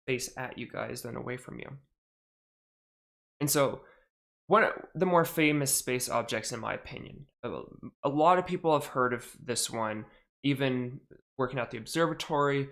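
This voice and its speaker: A man's voice: mid-range voice, gravelly. A young man hosting a live stream podcast, talking casually and correcting himself as he goes. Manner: rambling, self-correcting, chatty. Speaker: podcast host on a charity stream. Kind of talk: casual live-stream talk about astronomy.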